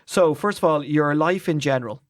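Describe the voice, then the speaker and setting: An Irish man co-hosting a podcast in casual chat, animated and jokey, rambling with restarts. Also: fairly high pitch, brisk, dry recording, studio quality. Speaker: podcast co-host.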